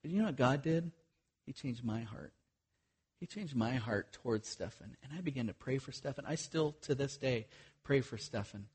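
A man delivers a sermon as a missionary, speaking earnestly in a loose, conversational way. His voice has a husky edge, and his pitch sits in an ordinary middle range. He often pauses on fillers and restarts his sentences. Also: expressive, a little mellow. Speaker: missionary preacher.

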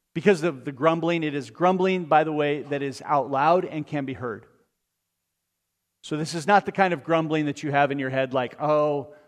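A man preaching a sermon, retelling a story with lively asides to the congregation. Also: fairly high pitch, long reverb tail.

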